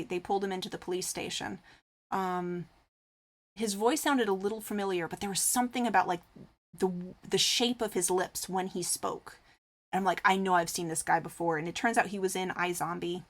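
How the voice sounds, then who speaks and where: Chatting casually with her live viewers, a craft streamer reads their comments aloud and answers them. Her mid-range voice is fairly bright and moves at normal speed, and her talk rambles with plenty of fillers.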